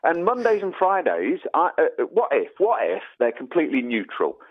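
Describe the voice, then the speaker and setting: Animated man over a phone-like line. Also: fairly high pitch, moderate pace. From England. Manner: chatty and emphatic, calls people mate. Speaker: guest. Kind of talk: casual conversation.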